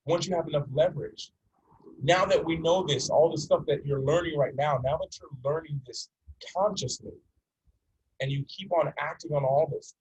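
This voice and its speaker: A man in his forties from North America leads a coaching session. His voice is very husky and breathy and sits a little high for a man. He repeats key points earnestly and works through stories to teach. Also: poor audio. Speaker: life coach.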